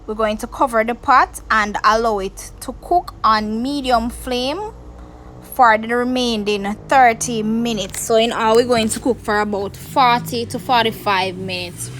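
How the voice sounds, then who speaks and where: A woman's voice: on the high side, unhurried, fairly bright tone, a little hiss or hum, low-quality recording. A Jamaican woman hosting a cooking video, explaining each step to viewers in a chatty way from her kitchen. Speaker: cooking channel host. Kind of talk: casual cooking demonstration.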